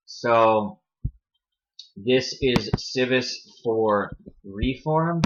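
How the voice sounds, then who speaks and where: A man's voice: fairly low pitch, steady tone, a little slow, pushed and bright, slight background noise. A man hosting a casual commentary video, rambling and correcting himself as he stumbles over names while reading from web pages. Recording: dull lo-fi home recording.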